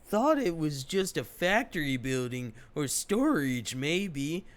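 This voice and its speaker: A man's voice: on the high side, big pitch swings, slow pace. A male streamer playing a game live, reading the dialogue aloud and adding wry, joking asides.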